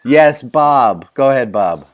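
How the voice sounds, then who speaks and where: A man's voice: mid-range voice, lively intonation, takes it slowly. A man leading an online service as rabbi, joking with participants and often restarting his sentences over a video call. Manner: warm, joking, stumbling restarts. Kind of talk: casual, interactive service talk.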